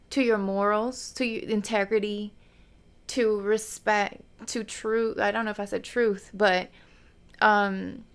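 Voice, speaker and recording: Here a woman with a medium pitch and noticeable vocal fry reads tarot casually for viewers. Talkative and emotional, she laughs often and keeps referring to them as y'all.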